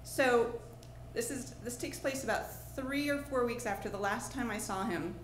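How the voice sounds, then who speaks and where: A woman in her thirties from New Jersey tells a personal story on a pub stage, chatty and full of fillers and restarts. Her voice sits a little high. The room is echoey, with faint noise behind her. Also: normal speed. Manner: chatty, lots of fillers and restarts, laughing along. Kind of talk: improvised personal storytelling before a live audience.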